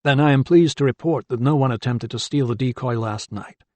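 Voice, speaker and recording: A man voicing an excitable, fussy old male anatomist in an audiobook, speaking in a raised, insistent, drawn-out way. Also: medium pitch, dry recording, lightly acted.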